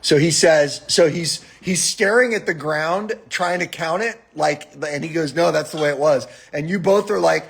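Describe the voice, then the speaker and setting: A man hosts a casual, swearing podcast chat and acts out stories with a gravelly edge. His voice sits a bit high for a man and has a husky grain. When he gets worked up, his pitch climbs sharply toward a shout. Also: moderate pace, hardly any pauses. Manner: animated storytelling, swearing, rises to shouts. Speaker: podcast host.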